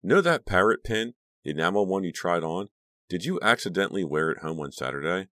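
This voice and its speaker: A man's voice: sits low, expressive, brisk, bright, forceful tone, dry recording, studio quality, pitched above the performer's own voice. A man voicing a nervous, suspicious teenage girl in an audiobook reading. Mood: uneasy.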